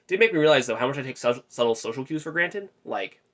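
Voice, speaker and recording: A man's voice: mid-range voice, expressive, fast, fairly bright tone. A young man telling a rambling, self-deprecating story in a casual vlog, recorded in his bedroom. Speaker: vlogger.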